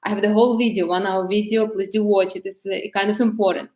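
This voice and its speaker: Female coach, mid-range voice, gentle and halting delivery with many fillers, recorded in an echoey room. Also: mid-range voice, fairly even intonation. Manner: hesitant, many fillers and restarts, gentle explaining tone. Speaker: femininity coach. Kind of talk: casual instructional talk to camera.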